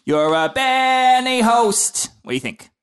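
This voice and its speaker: A man's voice: extremely high pitch, very animated, a little slow, fairly bright tone, clear, resonant tone, faint music behind, heavily acted. A man voicing a clueless, goofy male podcast regular in a comedy podcast, with a silly delivery. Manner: wildly swooping, silly delivery.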